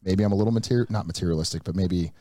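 A man's voice: low voice, racing, mellow. A young man co-hosting a podcast, telling a self-mocking dating story in a wry way. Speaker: podcast co-host. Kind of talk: casual chat.

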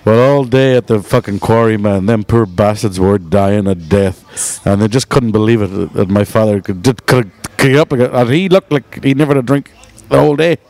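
A man's voice: fairly low pitch, moderate pace, darkish tone. A man speaking as a podcast guest in casual chat, blunt and profane, telling drinking stories. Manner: blunt, swearing, dismissive storyteller.

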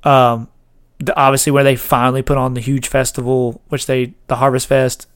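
A man's voice: medium pitch, level tone, normal speed, clear, resonant tone, dry recording, clean studio sound. A man hosting a casual podcast chat, rambling and laughing as he retells scenes. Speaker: podcast host. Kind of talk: casual chat about a TV show.

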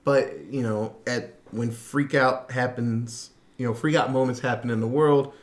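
A man's voice: medium pitch, measured pace. A man co-hosting a podcast, casually recapping a zombie movie with laughs, swearing and acted-out quotes. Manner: animated retelling with quoted voices, laughing, swearing. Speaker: podcast co-host.

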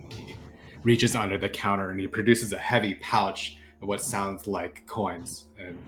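A man's voice: sits low, a bit bright, slight background noise. A man narrating as game master, loose and laughing, with many fillers.

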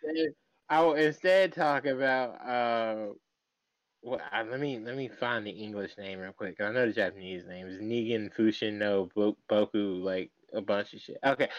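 A man's voice: lowish voice, normal speed. Slangy, laid-back male podcast host. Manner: slangy, profane storytelling. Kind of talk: casual chat.

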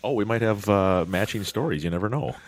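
Speaking fairly quickly in a lowish voice, the man hosting the podcast chats casually and spins animated tales. Laughter comes often, picked up by a studio podcast mic.

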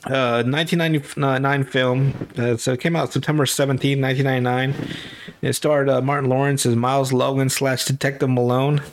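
A man's voice: mid-range voice, little pitch movement, brisk, slight background noise. A man with a stuffy nose, co-hosting a podcast and recapping a movie in a rambling, casual way. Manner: rambling, self-correcting, swears and laughs. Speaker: podcast co-host.

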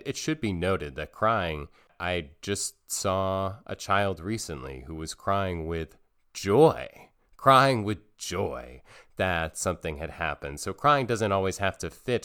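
A man's voice: low-pitched, fairly bright tone, clear, resonant tone. A man giving a thoughtful, reflective monologue about feelings and healing, building his points through repeated phrases. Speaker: speaker on parenting and emotional healing.

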